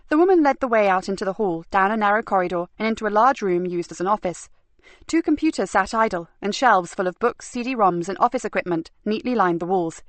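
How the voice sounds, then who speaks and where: A woman narrating a crime novel audiobook in a steady, even storytelling manner. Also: medium pitch, brisk, no echo. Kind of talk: scripted narration.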